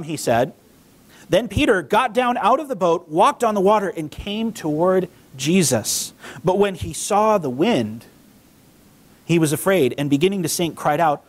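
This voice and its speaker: A man pastor giving a casual, conversational sermon in a church, reading scripture and acting out the quotes. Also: moderate pace. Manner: conversational, acts out quotes with lively pitch. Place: church sanctuary.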